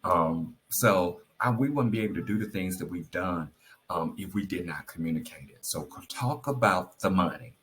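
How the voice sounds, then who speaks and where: Deep-voiced man, animated storyteller, earnest and encouraging advice vlogger. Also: moderate pace. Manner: animated storyteller, acts out quotes in a high voice. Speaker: vlogger giving marriage advice. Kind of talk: casual heartfelt advice talk.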